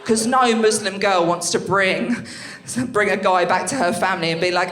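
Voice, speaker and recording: A woman's voice: mid-range voice, measured pace, very noisy. A young woman doing a brash, crude stand-up comedy set on a club stage, talking into a handheld mic. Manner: brash, crude and animated, with bursts of laughter. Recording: echoey club room.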